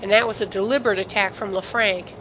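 A woman reads a protective male officer in an audiobook. The voice is measured, diplomatic and firm, at a middling pitch. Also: steady tone, sharp tone, a little hiss or hum, natural voice, poor audio. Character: steady male military officer, protective and earnest. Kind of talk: audiobook character reading.

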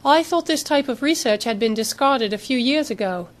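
A woman voicing a sharp, analytical woman scientist who speaks in a dry, precise way. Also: on the high side, animated, moderate pace, natural voice. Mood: dryly precise.

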